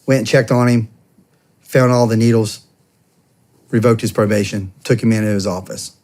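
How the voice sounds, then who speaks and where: A man's voice: lowish voice, steady tone, normal speed, a little mellow. Earnest man recounting a family ordeal. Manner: acts out the quoted speech of others while telling the story; earnest and conversational, with repeated restarts. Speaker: podcast guest, former police officer. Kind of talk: emotional personal storytelling.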